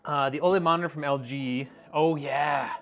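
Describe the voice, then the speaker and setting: Building a PC on a live stream, a man chats and rambles to his viewers, whom he calls "y'all," sounding a little out of breath. His voice is a little high and fairly bright, with fairly even intonation and a moderate pace. Faint music sits behind him, and he wears a wireless clip-on mic.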